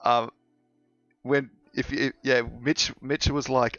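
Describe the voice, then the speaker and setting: A man's voice: medium pitch, fairly even intonation, moderate pace, no echo, highs cut off, soft background music. A man chatting casually while live coding, rambling with fillers and laughing often. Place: home office.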